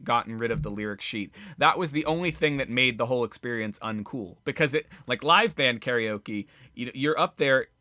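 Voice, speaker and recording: A man co-hosting a casual comedy podcast, telling a rambling story with halting restarts. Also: medium pitch, pushed and bright, no room sound, studio quality. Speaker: podcast co-host.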